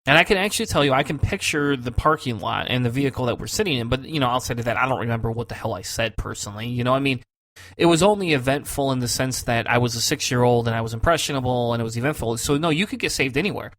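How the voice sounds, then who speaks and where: A man on a casual podcast telling a long personal story. His voice sits at a middle pitch, and his delivery is loose and conversational. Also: fast talker, fairly bright tone. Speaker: podcast co-host. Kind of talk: casual chat.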